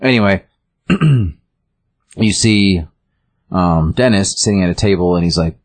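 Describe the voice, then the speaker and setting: A man with a very low, husky voice talks through a comic book story in a loose, rambling way. He stumbles and restarts often as he recaps. It is a casual show chat. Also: takes it slowly.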